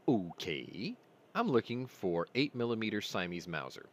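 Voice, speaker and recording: A man with a low voice chats casually as the host of his own stream. He rambles through his stories, and his pitch swings widely as he goes. He often laughs at his own jokes. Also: big pitch swings, moderate pace. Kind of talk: casual live-stream chat.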